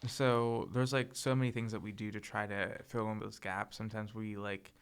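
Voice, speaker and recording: Young male podcast co-host, soft-spoken, low-pitched with some vocal fry, hesitant and casual. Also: level tone, normal speed. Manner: hesitant, lots of filler words.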